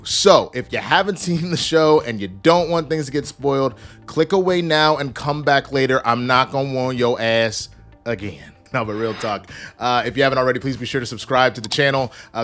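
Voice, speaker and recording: A man in his thirties giving an energetic, joking casual spoiler review, swearing and acting out characters. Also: mid-range voice. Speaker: show reviewer.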